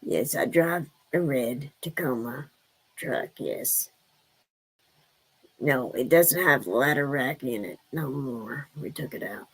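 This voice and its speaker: Woman, live-stream chat, rambling, answers viewers' comments, slow pace. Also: extremely low pitch, expressive, husky. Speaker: livestreamer chatting with viewers.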